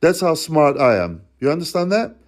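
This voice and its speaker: A man's voice: on the high side, sing-song, normal speed. Angry man ranting down the phone. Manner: accusing, confrontational ranting. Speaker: father on a phone call. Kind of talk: heated phone call. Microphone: phone call recording.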